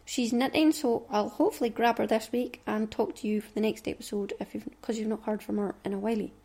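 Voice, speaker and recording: A woman's voice: on the high side, steady tone, fairly quick, warm tone, breathy edge. A middle-aged woman with a Scottish accent hosting a knitting podcast, chatting casually and rambling with little asides under her breath. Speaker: podcast host. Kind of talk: casual chat.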